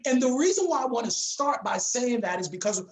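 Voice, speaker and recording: A woman's voice: a little high, lively intonation. Emphatic woman teaching public speaking. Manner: emphatic, deliberate, repeats key words. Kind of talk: teaching a class. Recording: roomy echo.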